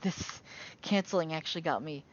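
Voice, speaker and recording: A woman's voice: low-pitched, normal speed, highs cut off, a little hiss or hum. A woman delivering a heated, profanity-filled political rant, often restarting her sentences and sighing in frustration. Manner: agitated, swearing constantly, frequent restarts and sighs. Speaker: political commentary vlogger.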